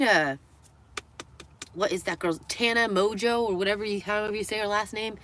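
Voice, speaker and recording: A woman's voice: mid-range voice, animated, a little fast, fairly bright tone. A woman livestreaming to her viewers, chatting in a rambling way, laughing often and swearing freely. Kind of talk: rambling live-stream chat.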